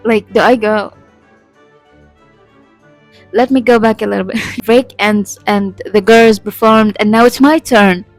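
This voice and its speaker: A woman's voice: medium pitch, fairly even intonation, a little slow, long pauses, no echo, faint music behind, rough recording. A young woman telling a storytime vlog, rambling, swearing and laughing at herself. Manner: rambling, profane and self-deprecating, laughing often. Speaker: vlogger.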